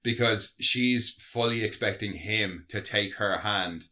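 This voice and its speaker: A man's voice: lowish voice, unhurried, pushed and bright. A man co-hosting a casual podcast, recapping a TV episode and acting out characters' lines as he goes. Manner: conversational, acts out characters' lines mid-recap. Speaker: podcast co-host.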